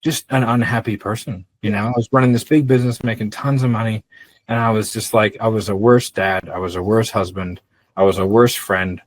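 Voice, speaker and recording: A middle-aged man, a business owner, chatting casually on a podcast in a blunt, profane, animated storytelling way. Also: fairly low pitch, brisk, low-quality recording.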